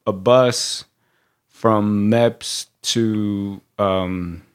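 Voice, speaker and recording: A man's voice: on the low side, fairly even intonation, very slow, smooth. A young adult man co-hosting a podcast, telling rambling, profane boot camp stories and laughing often. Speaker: podcast co-host. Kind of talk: casual storytelling chat.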